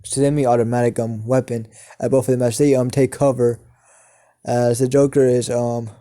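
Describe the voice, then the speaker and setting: A man improvising a fan story as narrator, halting with many ums and restarts. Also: mid-range voice, little pitch movement, mellow.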